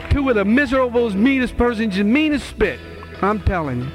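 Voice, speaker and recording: A man in his forties giving an earnest, animated testimony. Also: very high-pitched, fairly quick, over music, crowd noise. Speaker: guest speaker sharing testimony. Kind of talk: testimony talk.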